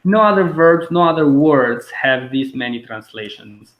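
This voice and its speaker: A man teaching a language lesson online, patiently explaining and repeating words slowly. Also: medium pitch, animated, echoey room, phone-quality sound.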